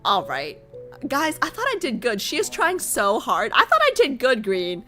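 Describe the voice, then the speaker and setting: A woman streamer talking casually to her chat and reading a game's story aloud, playful and teasing herself. Her voice is bright and fairly high, with a lively rise and fall. Soft music plays faintly behind her. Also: normal speed.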